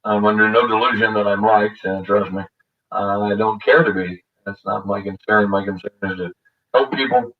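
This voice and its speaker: Older guy rambling crude on his show, lowish voice, muffled lo-fi, kinda far from the mic. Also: steady tone, normal speed. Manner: rambling, crude and bitter, many fillers and restarts. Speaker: radio show host. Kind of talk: rambling monologue. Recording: dull lo-fi audio, voice set back from the mic.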